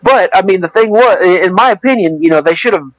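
A man with a somewhat high voice talks through a film in casual chat. He hesitates and restarts his sentences constantly. The recording is dry and dull, with a muffled lo-fi sound. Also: lively intonation, fast, no echo. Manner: rambling, hesitant, many restarts. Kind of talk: casual movie discussion.

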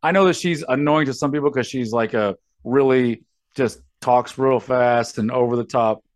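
A man co-hosting a podcast, easygoing, arguing his point calmly and chuckling often. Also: mid-range voice, normal speed, no room sound, clean studio sound. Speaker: podcast co-host. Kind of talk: casual podcast banter.

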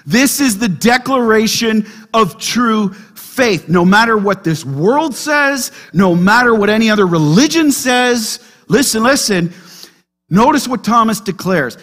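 A man preaching a sermon as pastor, emphatic, dropping quiet then crying out loud. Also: sits high.

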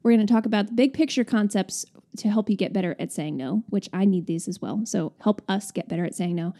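Mellow-voiced woman co-hosting a chat. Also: medium pitch, quick pace. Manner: chatty and expressive, with laughs and sighs. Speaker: podcast co-host. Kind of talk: casual advice chat.

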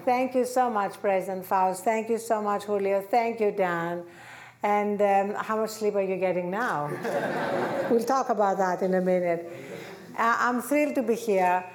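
A woman's voice: medium pitch, unhurried, background noise. A woman from Greece with a Greek accent, giving a gracious, conversational public talk as the featured guest in a lecture hall.

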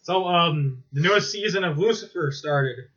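A man in casual chat as a podcast co-host, speaking in a laid-back, low-key way. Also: moderate pace, a bit bright, highs cut off.

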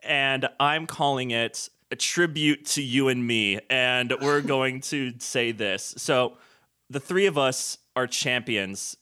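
A man co-hosting a podcast, casually recapping a movie and slipping in quick quoted lines from the scenes. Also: medium pitch, pushed and bright, clean tone. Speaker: podcast co-host.

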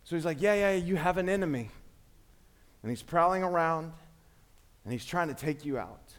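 A man's voice: on the high side, expressive, moderate pace. A man in his forties, a pastor delivering a conversational sermon in a church with call-and-response. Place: church sanctuary.

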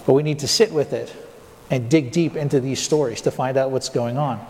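A male pastor preaching a sermon, putting rhetorical questions to the congregation and slowing down to stress key points. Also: mid-range voice, steady tone, darkish tone, in a large hall. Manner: asks the congregation rhetorical questions, slows down for emphasis.

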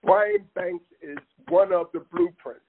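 A man with a high voice speaks slowly but passionately, rambling and emphatic, often calling the listener "man." The impassioned, casual talk comes through tinny phone-line audio.

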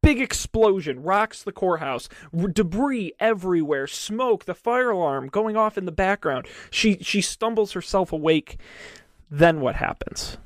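A man leading an improvised role-play as game master, describing scenes with hesitant pauses. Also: high voice, animated, no room sound, studio quality.

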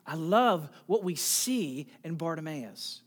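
Slow, lively-pitched pastor preaching, goes from almost whispering to shouting, keeps asking the church questions. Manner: swings from soft near-whispers to loud emphatic calls; asks the congregation direct questions. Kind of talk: sermon.

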